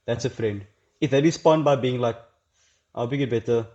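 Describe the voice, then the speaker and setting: A man's voice: mid-range voice, mellow. A young man hosting his own self-help channel, talking in a blunt, profane, rambling way and often mimicking other people's voices. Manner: blunt, profane, rambling, quick shifts into mocking quoted voices. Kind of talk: casual monologue to camera. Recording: dull lo-fi recording.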